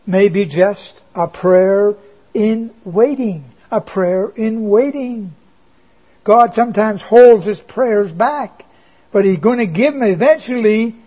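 Male preacher, very high voice, slow deliberate delivery, emphatic with wry asides, muffled lo-fi recording. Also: slightly rough. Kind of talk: sermon. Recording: dull lo-fi recording.

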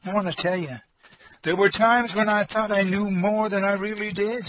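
A man pastor preaching a storytelling sermon in a folksy, halting way, full of fillers and repeats. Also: sits high, fairly even intonation, highs cut off.

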